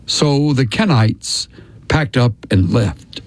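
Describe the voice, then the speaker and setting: Slow, measured male scripture reader. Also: medium pitch, animated, darkish tone, dry recording, poor audio.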